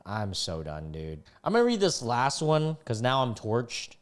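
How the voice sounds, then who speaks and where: A man's voice: medium pitch, wildly swooping pitch, measured pace, smooth. A man in his twenties reading online posts aloud and reacting with exasperated, disgusted outbursts. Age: 20s. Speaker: online commentator.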